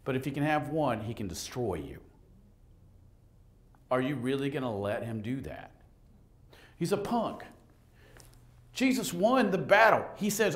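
Animated, lively-voiced male pastor. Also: medium pitch, unhurried, pauses often. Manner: animated, joking, acts out conversations. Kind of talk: lively sermon with storytelling. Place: church sanctuary.

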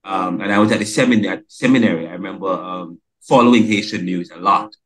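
A man's voice: sits low, a little fast, a bit bright. A man hosting a podcast interview, who talks emphatically and stumbles and restarts his words. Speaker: podcast host.

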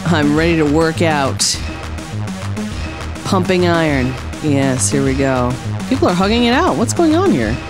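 A woman streaming a wrestling game, trash-talking with playful sarcasm, dropping low for tough lines and yelping high when surprised. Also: big pitch swings, a little slow, music in the background. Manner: swings between low mock-tough lines and high yelps. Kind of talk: live gameplay commentary.

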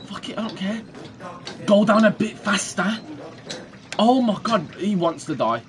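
Over a noisy background, a young British man streams a horror game in a high-sitting, expressive voice at a measured pace. Jumpy and foul-mouthed, he swears constantly and throws in crude jokes whenever the scares hit.

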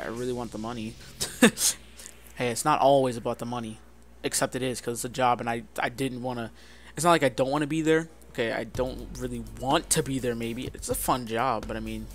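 A young man rambles through a casual story, leaning constantly on filler words. His voice sits at an ordinary middle pitch, and faint music plays behind him. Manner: rambling, heavy use of filler "like". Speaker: vlogger.

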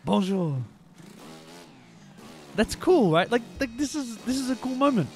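An adult man chatting excitedly to viewers as he wraps up a live game stream, peppering his talk with "like". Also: very high voice, a little fast, soft background music. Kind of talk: live-stream casual chat.

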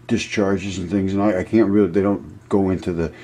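A man narrating his own amateur science video in a halting, stammering, earnest way. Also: low-pitched, fairly even intonation, mellow.

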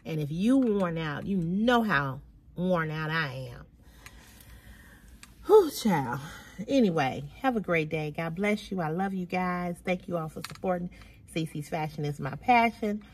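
A middle-aged woman with a low voice chats straight to her viewers in a casual vlog. She sounds worn out, lets out heavy sighs and keeps repeating herself for emphasis. A faint ambient hum sits behind her. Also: expressive, moderate pace. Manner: weary, venting, with frequent heavy sighs. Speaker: fashion vlogger. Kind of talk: casual chat to camera.

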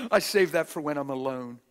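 A middle-aged man preaching a passionate, folksy sermon, often laughing and bursting into shouts. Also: on the high side, expressive, moderate pace. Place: church hall with a congregation.

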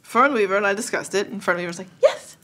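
A woman narrating a tabletop game as game master in a casual, animated storytelling manner. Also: medium pitch, rapid-fire.

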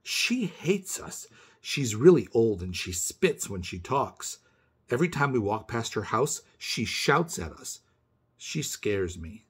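Storybook role: young boy, wary, hushed at times, read by a man, husky edge. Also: lowish voice, sing-song, a little slow, exaggerated voice. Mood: scared.

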